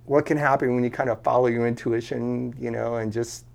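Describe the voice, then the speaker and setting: A man's voice: medium pitch, a little fast, gravelly. A man telling a story on a podcast, acting out the voices of the people in it. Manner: animated storyteller acting out quotes. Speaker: podcast guest. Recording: video call.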